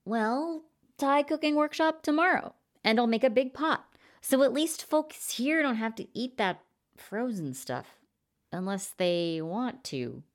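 A man's voice: very high-pitched, lively intonation, measured pace, pitched above the performer's own voice. A woman doing a snide big blond guard. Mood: sheepish. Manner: snorting, sarcastic.

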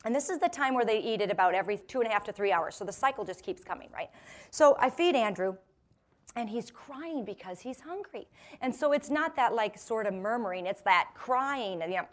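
A woman in her forties giving a humorous storytelling talk to a live audience, lively and self-mocking, laughing often and acting out what people said. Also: mid-range voice, a little fast. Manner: lively, self-mocking, acts out quoted voices. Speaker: motivational speaker.

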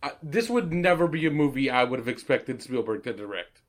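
A man's voice: medium pitch, animated, a little fast. A man co-hosting a podcast, chatting casually in a hesitant, wry way. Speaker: podcast co-host. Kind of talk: casual chat.

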